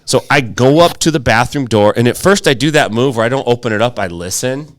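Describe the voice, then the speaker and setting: Animated, swearing man telling a story. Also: medium pitch, fairly quick, no room sound. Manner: animated storyteller, swears freely, acts out quotes. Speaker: podcast co-host. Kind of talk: casual storytelling chat.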